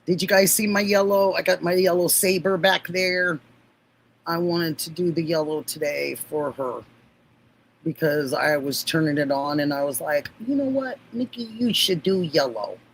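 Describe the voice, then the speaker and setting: A woman hosting a livestream, chatting warmly with viewers and laughing often. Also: sits low, steady tone, moderate pace, vocal fry, slight background noise, poor audio. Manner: gushing, affectionate, laughs often. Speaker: livestream host. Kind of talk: casual livestream chat.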